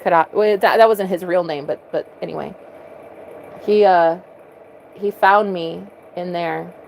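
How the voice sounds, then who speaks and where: A woman's voice: on the low side, unhurried, vocal fry, a little mellow, slight background noise, rough recording. Earnest woman telling a personal story. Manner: earnest, repeats words as she restarts. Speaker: vlogger.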